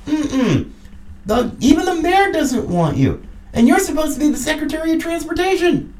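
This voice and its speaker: A woman's voice: high voice, sing-song, normal speed, darkish tone, distant mic. A woman hosting a political commentary podcast, ranting in an angry, mocking, sarcastic way. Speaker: podcast host. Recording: echoey room.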